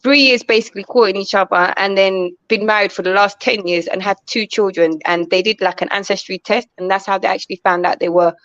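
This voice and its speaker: A woman's voice: medium pitch, fairly even intonation, brisk, hardly any pauses, a bit bright, dry recording, highs cut off. A woman hosting a live online panel, chatting and telling stories playfully. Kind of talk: casual chat on a live panel.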